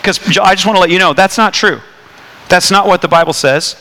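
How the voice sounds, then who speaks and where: Bright-voiced man preaching in a hall. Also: high-pitched, brisk. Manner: casual, animated storytelling with many fillers and restarts. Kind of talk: sermon storytelling. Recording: long hall reverb.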